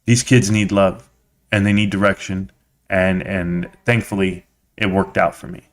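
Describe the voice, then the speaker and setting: A man's voice: sits low, level tone, a little slow. A chatty, blunt man hosting a live stream. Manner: chatty storyteller, slangy and blunt. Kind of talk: casual live stream chat.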